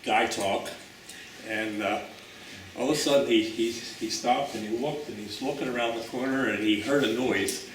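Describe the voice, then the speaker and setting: A man shares memories at a memorial luncheon, wandering through his stories with plenty of ums and restarts. His voice sits in the middle range and comes from a distance in an echoey room, with steady background noise. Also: medium pitch, moderate pace. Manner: rambling, warm storytelling with fillers. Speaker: memorial speaker. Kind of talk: personal remembrance at a luncheon.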